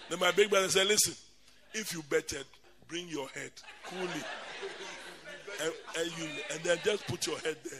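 High, bright-voiced preacher. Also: male voice, moderate pace, a faint crowd. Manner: animated, laughing often, addresses the audience directly. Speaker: bishop preaching. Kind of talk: lively storytelling sermon. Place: church camp gathering.

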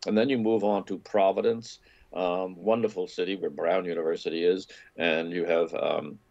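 A man's voice: low-pitched, fairly even intonation, moderate pace, vocal fry, a little mellow, dull audio. A man, a travel and food writer, talking casually in an interview, rambling with frequent restarts and enthusiasm over a video call. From New York area.

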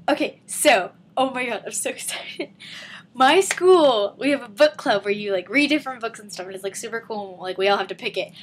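A seventeen-year-old girl rambling and giggling in an excited fan vlog from her living room. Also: high voice, brisk, breathy edge. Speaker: vlogger.

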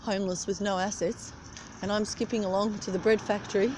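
At a medium pitch and level tone, a little fast, a middle-aged woman chats casually into her handheld phone camera as she walks a cold street early in the morning. She rambles from one thought to another, with traffic noise in the background.

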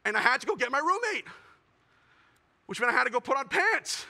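Bright high-voiced young male comic. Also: a little fast, vocal fry. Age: young adult. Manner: self-deprecating, animated storytelling. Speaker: stand-up comedian. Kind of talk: stand-up comedy set.

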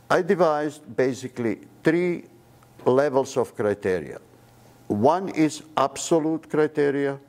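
With a mid-range voice, a doctor presents a medical seminar talk to an audience in a seminar room. His delivery is emphatic and animated, leaning on key words and dropping articles.

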